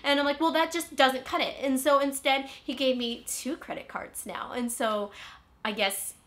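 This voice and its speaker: A woman's voice: high voice, fairly even intonation, normal speed, fairly bright tone. A woman from California playing a ditzy, spoiled, rich young Valley Girl with a Valley Girl accent, talking in a comedic vlog monologue full of "like" and whiny uptalk. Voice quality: constant "like" fillers, airheaded whiny uptalk.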